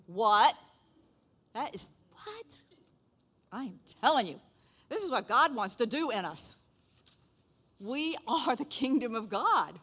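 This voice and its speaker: A middle-aged woman, a nurse, shares a faith testimony in a lively way. She laughs often and acts out the dialogue. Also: a little high, measured pace, long pauses, breathy edge. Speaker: speaker sharing testimony. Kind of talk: casual testimony storytelling.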